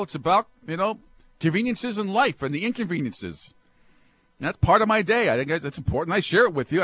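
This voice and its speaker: Animated, exasperated male talk host. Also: high-pitched, no room sound. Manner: exasperated, animated, swings from mutters to yelps. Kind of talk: comic ranting monologue.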